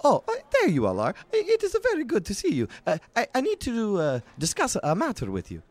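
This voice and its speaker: Squeaky high stammery little writer dude, super fussy, tripping over words. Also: male voice, wildly swooping pitch, fairly quick, exaggerated voice. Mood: flustered eager.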